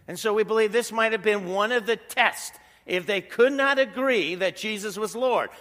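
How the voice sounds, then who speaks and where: A man's voice: high voice, moderate pace, hardly any pauses, a bit bright, big-room sound. A middle-aged man preaching a sermon as pastor, in a conversational way that leans on rhetorical questions.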